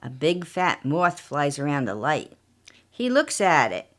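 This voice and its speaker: A woman reading her own mystery story aloud as author and podcast narrator, unhurried and plain. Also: sits low, very animated.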